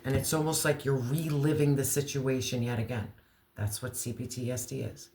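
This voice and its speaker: A man giving an earnest, emotional tarot reading, slowing down to stress key words. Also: mid-range voice, a little mellow, roomy sound. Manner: earnest, emotional, slow deliberate emphasis. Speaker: tarot reader.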